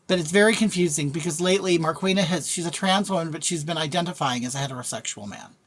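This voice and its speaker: Speaking quickly in a low-pitched, slightly rough voice, a woman livestreamer reads her chat in a casual rant. She is blunt, names viewers to thank them, and repeats what she's said.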